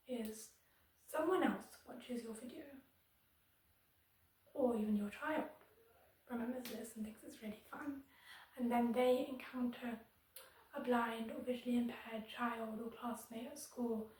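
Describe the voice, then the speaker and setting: A disability vlogger speaks straight to camera, offering firm, earnest advocacy to her viewers. Her slightly high, darkish voice stays steady and a little slow, with long pauses. She sits somewhat off-mic in a very echoey room, so she sounds distant.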